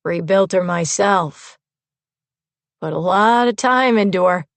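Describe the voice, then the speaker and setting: A woman's voice: lowish voice, takes it slowly, gravelly, no echo. Leonard, a woman voicing a cool, folksy armed man. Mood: steady, unbothered. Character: man, calm armed driver, folksy and ruthless.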